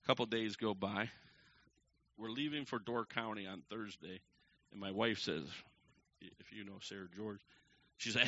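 A man telling a long personal story to a crowd from the pulpit, acting out each quoted person with sudden jumps in pitch and loudness. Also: moderate pace, pauses often. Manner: animated, acts out the quoted people with big jumps in pitch and loudness. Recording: dull lo-fi recording.

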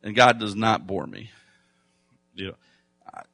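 Man preaching, bright and emphatic. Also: fairly low pitch, very animated, measured pace, gravelly, no echo. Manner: conversational preaching, rising to loud emphatic bursts. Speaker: pastor. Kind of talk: sermon.

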